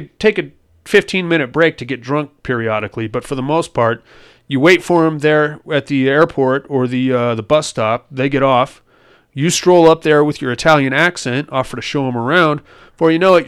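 Smooth-voiced man rambling through a film recap. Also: on the high side. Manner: rambling, crude and joking. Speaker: podcast host.

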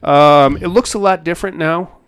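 Smooth-voiced guy casually recapping a movie. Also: on the high side, moderate pace, fairly bright tone. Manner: rambling, laid-back, swears casually.

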